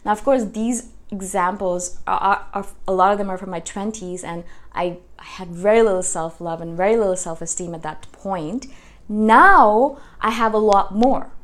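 A woman in her thirties talks straight to her viewers in a relaxed personal vlog. Her voice sits at an ordinary middle pitch. She tells her stories with animation and keeps checking in with a tag question. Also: normal speed. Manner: animated storytelling, often ends with a tag question. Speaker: YouTube host.

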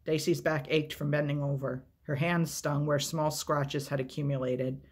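A man reads a novel aloud as a storyteller, in a steady, measured, unhurried way. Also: a little high, husky.

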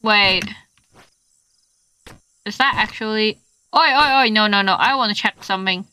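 With slight background noise, a young woman at medium pitch speaks a little slowly in a sharp tone. Streaming a game live, she swears, vents her frustration, and yelps playfully.

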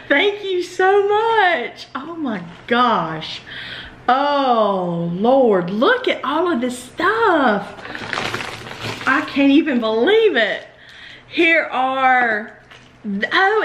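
A woman with a Southern US accent gushing excitedly as she unboxes fan mail in a casual vlog. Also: high voice, echoey room. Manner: gushing, excitable, slow-spoken. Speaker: YouTuber opening fan mail. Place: indoors at a table.

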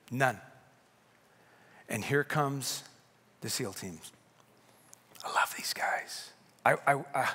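A middle-aged male pastor delivers a sermon in a church sanctuary, his voice sitting a little high for a man. He preaches conversationally, animated and playful, and his words ring out with a long church reverb. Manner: conversational and animated, with playful asides and acted-out quotes. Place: church sanctuary at a candlelight service.

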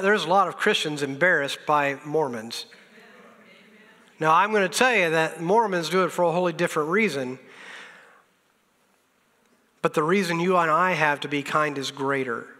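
High, bright-voiced pastor preaching. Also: male voice. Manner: earnest, exhorting, repeats lines for emphasis; self-deprecating humor, chuckles at himself. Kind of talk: sermon. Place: church sanctuary. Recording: reverberant church sanctuary.

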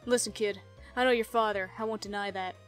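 A woman voicing a gruff, proud male wrestler gym leader with a blustery manner. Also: mid-range voice, fairly even intonation, a little fast, faint music behind, pitched below the performer's own voice, close to an everyday voice.

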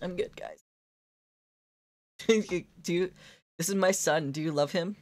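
A woman's voice: fairly low pitch, slow pace, darkish tone. A young woman live-streaming as she draws, chatting playfully with her viewers and giggling often. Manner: playful, giggly, talks to chat. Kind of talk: casual live-stream chat while drawing.

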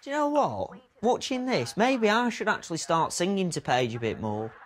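A man's voice: sits high, sing-song, moderate pace. A man chatting casually and cheekily with his sister while watching TV, swearing and laughing often. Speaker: TV viewer commenting.

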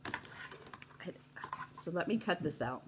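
A woman's voice: on the low side, animated, slow pace, noisy background. A middle-aged woman hosting a live crafting demo, bubbly and gushing as she chats with her viewers. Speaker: host of a live crafting stream.

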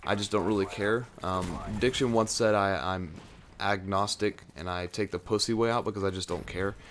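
This young gaming video creator talks casually over gameplay footage with his low, fairly even voice at normal speed. The mic sits right at his face, picking up a little hiss or hum. He rambles off topic, leaning heavily on "like" and "uh."

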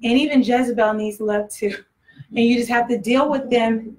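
A woman's voice: fairly high pitch, steady tone, moderate pace, rough recording. A woman preaching a sermon in a conversational way, often acting out voices and laughing.

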